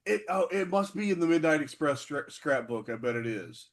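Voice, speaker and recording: A man's voice: on the high side, animated, normal speed. A man co-hosting a podcast, chatting casually and joking, laughing often and stammering at the starts of his sentences. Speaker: podcast co-host. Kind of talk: casual chat about classic wrestling.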